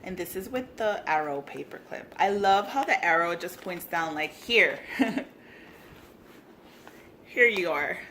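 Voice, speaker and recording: A woman's voice: fairly low pitch, lively intonation, unhurried, long pauses, a little hiss or hum. Bubbly, gushing craft vlogger woman. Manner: gushing, bubbly, often breaks into soft whispers. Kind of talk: casual craft tutorial chat.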